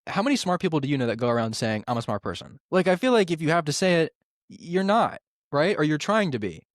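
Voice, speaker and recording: A man's voice: a little high, very animated, quick pace, dry recording, studio quality. A man co-hosting a political commentary show, exasperated and mocking, swearing casually.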